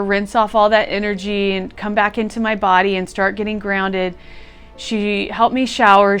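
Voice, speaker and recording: A woman guest telling a deeply personal story, candid and casual, swearing now and then and leaning on "like". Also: a bit bright, clear, resonant tone. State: close to tears at times. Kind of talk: emotional personal testimony.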